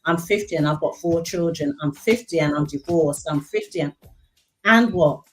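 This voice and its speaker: A woman's voice: deep voice, normal speed, soft background music. A woman in her fifties giving an earnest, emotional, faith-filled testimony at an event. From Barbados. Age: 50s. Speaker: event speaker, clinical services director. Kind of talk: heartfelt testimony.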